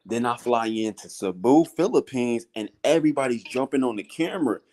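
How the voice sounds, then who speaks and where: A man on a podcast casually telling a story in slang, calling his listeners "bro". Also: a little fast. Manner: animated storytelling with slang, often acting out high-pitched voices. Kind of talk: casual chat.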